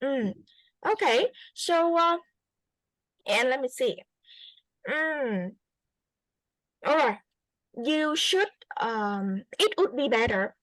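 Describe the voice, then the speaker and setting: High-voiced woman teacher, slow and encouraging. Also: lively intonation, no echo, rough recording. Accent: Vietnamese. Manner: encouraging, repeats phrases, many fillers. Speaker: English teacher giving feedback. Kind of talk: classroom feedback to a student.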